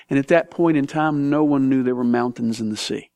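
A man preaching a sermon as pastor, animated and joking, with big dramatic swings in pitch and loudness. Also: a little fast, hardly any pauses, smooth. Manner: reads scripture aloud.

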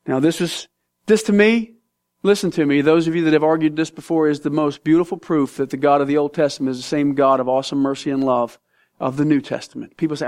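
A man's voice: a little high, fairly even intonation, normal speed, pauses often. A man preaching a sermon in an emphatic, conversational way, speaking straight to his congregation.

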